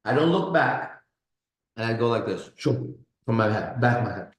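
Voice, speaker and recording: A man's voice: medium pitch, animated, moderate pace. A man hosting a live stream in casual chat, boastful and swearing with slangy talk, in a kitchen. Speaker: host. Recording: echoey room.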